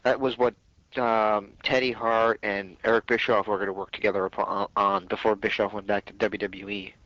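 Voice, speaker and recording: A man's voice: fairly low pitch, flat delivery, moderate pace, a bit bright, no echo. Opinionated male podcast co-host. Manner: opinionated, rambling storytelling. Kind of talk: casual wrestling chat. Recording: dull lo-fi podcast audio.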